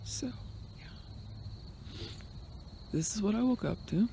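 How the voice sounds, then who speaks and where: Chatting casually to a handheld phone at an outdoor forest campsite, a road-tripping vlogger rambles and lets his sentences trail off. He speaks slowly and expressively in a high, gravelly, warm voice. Wind buffets the phone audio, and wind and crickets fill the background.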